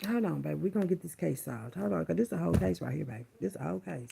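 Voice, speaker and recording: A woman's voice: fairly low pitch, lively intonation, racing, vocal fry, a little hiss or hum. A woman vlogger in a casual, unscripted rant to camera, blunt and profane, who keeps repeating her points. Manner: coos softly at her dogs in between.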